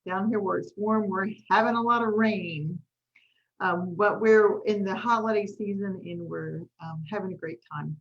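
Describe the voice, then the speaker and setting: A woman's voice: medium pitch, moderate pace, dull audio. A woman, hosting a coaching talk and chatting through a story in a casual, friendly way. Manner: chatty, storytelling, says y'all. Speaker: life coach and host. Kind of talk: casual live-stream talk.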